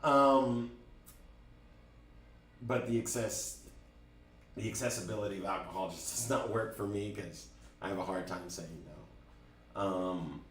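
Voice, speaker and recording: A man teaching a driving school class, candidly telling a personal story with lively bursts and frequent restarts. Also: low voice, measured pace, long pauses, slight background noise. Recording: roomy, from a distance.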